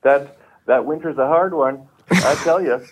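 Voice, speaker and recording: A man's voice: a little high, unhurried, background noise, close to an everyday voice. An Australian man doing a laid-back jokey Canadian guy. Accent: exaggerated Canadian. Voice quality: broad put-on Canadian drawl. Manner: laid-back, chuckling, hockey-and-beer banter. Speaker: phone guest. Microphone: phone line.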